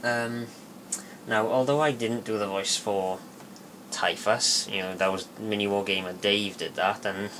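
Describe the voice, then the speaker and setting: Rambling low-voiced man. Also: steady tone, sharp tone, slight background noise. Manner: rambling, halting, with many fillers and restarts. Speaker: video tutorial maker. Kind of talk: casual spoken tutorial.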